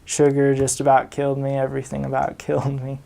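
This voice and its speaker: A man's voice: medium pitch, monotone, fast, creaky, mellow. A young man from the United States, a returned missionary, casually telling stories with chuckles and fillers. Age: young adult. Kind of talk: casual storytelling.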